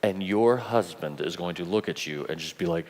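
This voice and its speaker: A man preaching a sermon at a youth conference, animated and playful, acting out voices as he goes. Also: sits low, normal speed, a little hiss or hum. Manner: animated, acts out quoted voices, laughs often. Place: large conference hall. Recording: long hall reverb.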